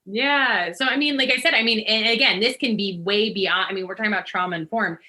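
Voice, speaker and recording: Fast, bright-voiced animated woman. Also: medium pitch. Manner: animated storyteller, rambling with many fillers. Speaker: podcast guest, trauma-informed yoga teacher. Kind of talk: casual interview conversation.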